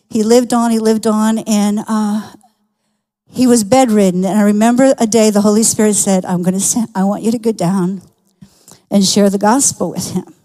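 A woman's voice: on the high side, darkish tone. An older woman giving an earnest, conversational testimony sermon in a church, often restarting her phrases. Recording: long reverb of a large hall.

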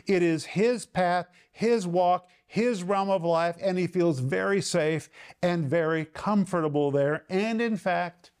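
A man's voice: sits high, darkish tone. Emphatic man teaching a sermon. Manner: emphatic, explains Greek words step by step. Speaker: pastor.

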